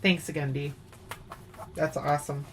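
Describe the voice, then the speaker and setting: Her low, steady voice moves at a moderate pace, with slight background noise behind it. She's a Wisconsin woman with an Upper Midwest accent, casually showing off her cross-stitch at home at night, chatting playfully and singing snippets of songs.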